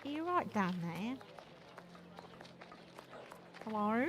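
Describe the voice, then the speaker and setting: A woman's voice: on the high side, big pitch swings, slow, slight background noise. A woman hosting a gaming channel, chatting and giggling to herself as she plays. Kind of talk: game playthrough commentary.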